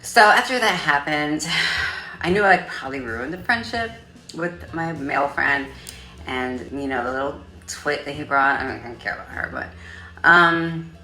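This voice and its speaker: A woman telling a story in a casual vlog, sassy and profane, with animated delivery. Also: deep voice, normal speed, echoey room, faint music behind. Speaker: vlogger.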